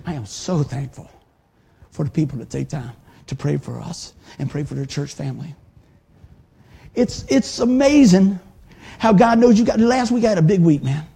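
A man's voice: on the high side, moderate pace, vocal fry, long pauses, mellow, breathy edge. A male pastor preaching a sermon in a conversational, folksy way, often adding "man" and "amen".

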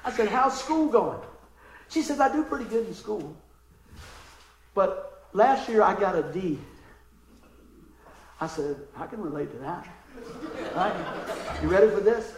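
A man's voice: sits high, animated, unhurried, long pauses. Preacher man telling stories in an echoey room. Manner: conversational storytelling, bursts of loud emphasis. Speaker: pastor. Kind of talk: sermon.

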